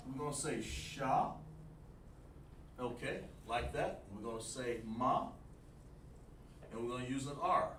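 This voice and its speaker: A man of medium pitch speaks at a measured pace, pausing often, during a live-streamed language lesson. His approach is repetitive and coaching, and he turns to the chat for feedback. The recording has room echo, a distant mic and a little faint noise.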